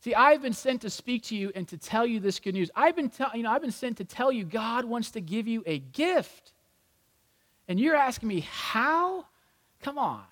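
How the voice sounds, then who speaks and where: A man's voice: extremely high pitch, very animated, moderate pace, fairly bright tone, exaggerated voice. A male preacher voicing a blunt, exasperated archangel messenger with brash, sassy retorts. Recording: long reverb in a large hall.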